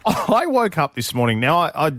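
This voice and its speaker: A man hosting a radio show, excitable and laughing as he tells the news of the day. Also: on the high side, measured pace, slight background noise. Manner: excitable, laughing, animated storytelling. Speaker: radio host. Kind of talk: breakfast radio chat.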